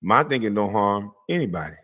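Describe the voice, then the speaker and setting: A man's voice: fairly low pitch, expressive, fairly quick, a bit bright. A man ranting on a livestream, profane, mocking and confrontational, laughing scornfully between lines. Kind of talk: heated livestream rant.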